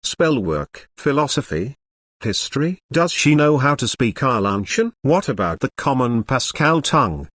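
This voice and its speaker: A clever, sharp-tongued young princess, read out by a man. The voice rises and falls a lot at a middling pitch. The sound is dry and close. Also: no room sound. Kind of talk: reading a comic aloud.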